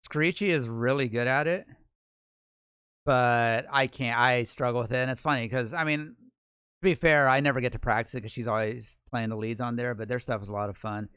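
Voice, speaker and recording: Male co-host, smooth resonant voice, chatty explainer, dry sound. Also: mid-range voice, steady tone, normal speed, a bit bright, no room sound. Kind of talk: casual chat.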